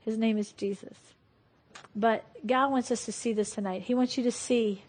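A woman preaching a lively, conversational sermon and laughing often. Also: a little high, moderate pace, husky. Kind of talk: sermon on deliverance.

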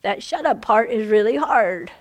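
Lady preacher with a high voice, chatty and laughing, keeps asking amen. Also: animated, normal speed. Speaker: women's Bible study teacher. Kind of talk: informal sermon teaching.

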